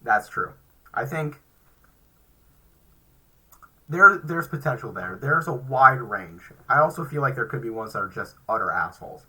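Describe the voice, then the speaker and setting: A man's voice: medium pitch, animated, unhurried, pauses often, sharp tone, breathy edge, poor audio. A man co-hosting a casual chat show, giving blunt, dry-humored opinions. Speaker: podcast co-host. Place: home recording, live stream.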